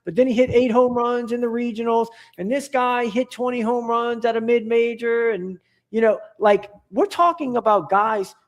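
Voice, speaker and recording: A man's voice: extremely high pitch, steady tone, moderate pace. A man talking as a podcast guest in casual chat, rambling and enthusiastic, with many restarts and fillers.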